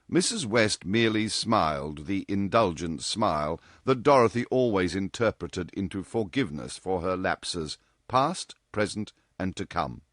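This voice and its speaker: A man narrating a novel as an audiobook reader, in a steady, measured manner. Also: sits low, dry recording, studio quality. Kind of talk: scripted narration.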